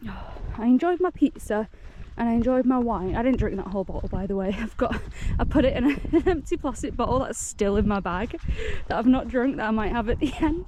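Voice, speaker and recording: An excitable, chatty woman, talking casually to camera while hiking outdoors, laughing often. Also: fairly high pitch, a little fast, few pauses, a little hiss or hum, low-quality recording. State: out of breath. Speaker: solo hiker vlogger.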